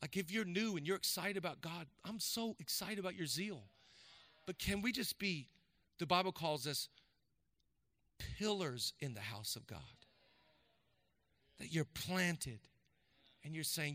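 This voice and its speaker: A man in his thirties preaching a sermon as pastor, moving from casual storytelling to loud, emphatic preaching. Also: fairly high pitch, moderate pace, long pauses, dry recording. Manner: conversational then building to loud emphatic preaching.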